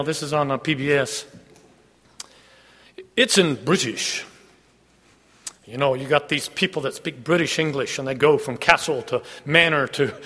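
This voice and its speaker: A man's voice: fairly high pitch, a bit bright. Folksy preacher man in an echoey hall. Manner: folksy, joking asides with the congregation. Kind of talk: sermon.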